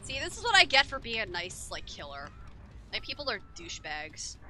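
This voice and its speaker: A woman's voice: medium pitch, sing-song, fairly quick, pushed and bright. A young woman streaming a horror game, talking to her chat with frequent swearing and frustration. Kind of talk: casual game commentary.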